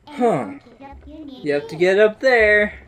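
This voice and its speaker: A woman doing let's play commentary on a video game, excitable and giggly, often reading game lines aloud. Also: mid-range voice, takes it slowly. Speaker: gaming video host.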